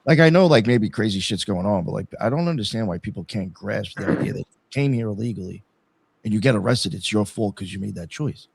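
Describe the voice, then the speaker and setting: A man venting heatedly on a podcast, swearing nearly every line. He talks fast with lively swings in pitch, his voice gravelly, in a dry close sound. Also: dry recording. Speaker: podcast guest. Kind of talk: casual roundtable chat.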